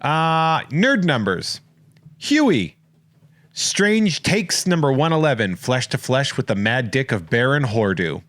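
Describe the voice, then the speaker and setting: A man's voice: mid-range voice, animated, measured pace, hardly any pauses, fairly bright tone, no echo. An American man hosting a podcast, rambling and joking at his own expense in casual chat. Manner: jokey, rambling, self-mocking. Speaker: podcast host.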